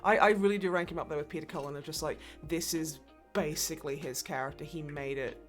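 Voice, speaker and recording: A woman's voice: low voice, quick pace, faint music behind. A woman hosting a casual livestream, rambling and swearing freely as she chats and laughs often. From Polish family. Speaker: livestream host.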